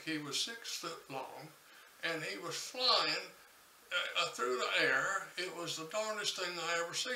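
A man's voice: a little high, bright, forceful tone, roomy sound, far from the mic, a little hiss or hum, poor audio. A man, telling a folksy, rambling tall tale ad-lib, full of "uh"s. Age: 70s. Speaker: channel host.

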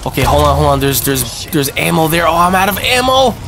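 A man's voice: fairly high pitch, a little fast, noisy background. A man hosting a let's-play, giving casual, slangy commentary and repeating himself as tension builds. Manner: excitable, yelps and repeats himself in tense moments. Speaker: gaming channel host. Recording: game music playing loudly underneath.

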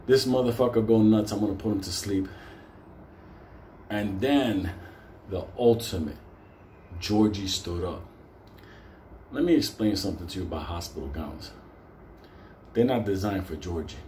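A man's voice: lowish voice, moderate pace, long pauses. A man telling a casual story, swearing constantly and laughing as he goes. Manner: animated, swears constantly, laughs through the tale. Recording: roomy echo with faint noise.

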